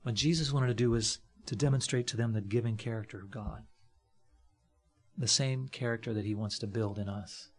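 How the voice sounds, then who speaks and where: A man's voice: lowish voice, steady tone, normal speed, breathy edge. A man preaching a conversational sermon from a church platform, folksy, with joking asides and frequent fillers.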